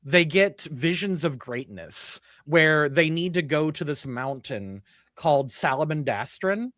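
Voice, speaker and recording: A man with a fairly high voice chats casually on a livestream. He rambles, restarts and fills his sentences with "like." His voice is close and dry, with no room sound. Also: lively intonation, measured pace, fairly bright tone, no room sound. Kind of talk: casual chat.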